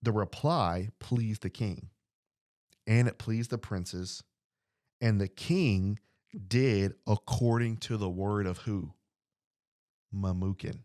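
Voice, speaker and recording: A man's voice: lowish voice, slow, pauses often, a little mellow, no echo, clean studio sound. A man preaching a podcast sermon in an earnest way, repeating phrases and putting questions to his listeners. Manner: acts out short dialogues.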